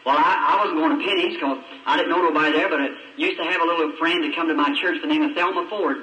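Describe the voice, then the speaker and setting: A man's voice: a little high, steady tone, fast talker, pushed and bright. Country preacher guy telling stories, plain folksy grammar, dull old tape, faint hiss behind. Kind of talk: storytelling sermon. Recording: old roomy lo-fi sermon tape, distant mic.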